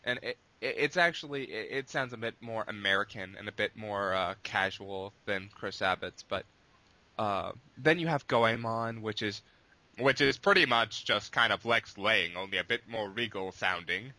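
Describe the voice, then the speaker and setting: A man's voice: fairly low pitch, moderate pace, sharp tone. A man answering interview questions in a casual, long-winded way, rambling and restarting his sentences. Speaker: guest, abridged series creator.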